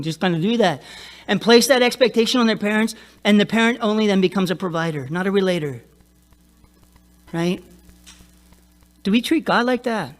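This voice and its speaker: A man's voice: high voice, lively intonation, normal speed, long pauses. A middle-aged male pastor preaching a sermon in a conversational way, often checking in with the congregation. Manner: conversational, laughs often, frequent "right?" tag.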